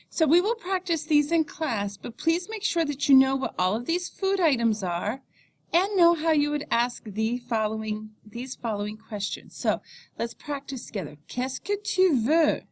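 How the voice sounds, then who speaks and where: A woman French teacher giving a recorded lesson, explaining in English and saying French phrases slowly for students to repeat. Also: sits high, lively intonation.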